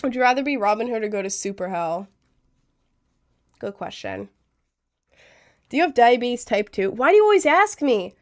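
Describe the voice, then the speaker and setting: Young female streamer with a cold, chatty and rambling, voice on the higher side. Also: animated, normal speed, long pauses. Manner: rambling, giggly, chatty, reads chat aloud. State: has a cold. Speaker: live streamer. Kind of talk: casual live-stream chat.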